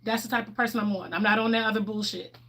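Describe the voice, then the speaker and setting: Originally from Ohio but raised in the US South, this young woman livestream host has a Southern accent. Her medium-pitched, fairly bright voice stays fairly even at a quick pace as she chats casually, sassy, bubbly and outspoken.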